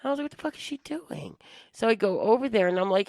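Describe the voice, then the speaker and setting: A woman's voice: on the high side, lively intonation, fast talker, darkish tone, dry recording. A woman co-hosting a podcast, bluntly venting about call center agents in a casual chat and swearing freely. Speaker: podcast co-host.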